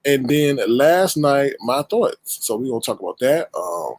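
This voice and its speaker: A man's voice: mid-range voice, poor audio. A man hosting his own livestream show, greeting viewers one by one in a casual, playful way. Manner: playful, animated shout-outs with drawn-out greetings. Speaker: show host and creator.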